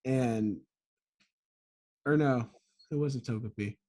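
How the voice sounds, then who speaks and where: A man's voice: mid-range voice, slow pace, dark tone. A man on a podcast, chatting casually, rambling and correcting himself as he goes. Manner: rambling storyteller, self-correcting. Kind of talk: casual chat.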